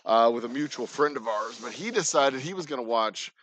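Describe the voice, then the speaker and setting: A man's voice: mid-range voice, expressive, brisk, a bit bright, no room sound. A man in his forties, a distillery owner, telling personal stories in a rambling, profane, joking way. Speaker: distillery owner and channel host. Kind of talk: casual storytelling. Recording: noisy background with clicks.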